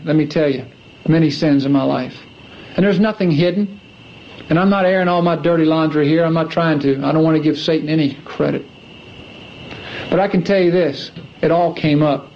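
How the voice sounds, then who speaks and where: A man's voice: fairly high pitch, moderate pace. Earnest man giving a testimony. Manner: earnest, repeats phrases for emphasis. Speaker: former athlete giving a religious testimony. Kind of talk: personal testimony speech. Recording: dull lo-fi archive recording.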